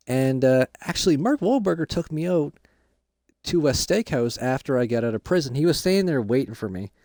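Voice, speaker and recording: A man playing a goofy, excitable dad just out of prison in a Minecraft role-play, rambling on. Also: mid-range voice, no echo, studio quality.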